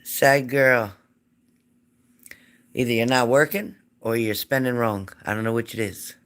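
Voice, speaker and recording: A woman's voice: extremely low pitch, measured pace, a bit bright. A woman hosting a live psychic reading stream, chatting casually and greeting viewers by name.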